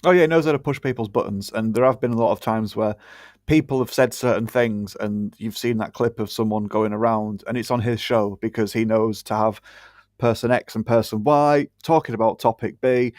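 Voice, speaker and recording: A man's voice: fairly low pitch, a little fast, darkish tone, no echo, studio quality. A British man co-hosting a casual podcast chat, ranting bluntly and swearing freely.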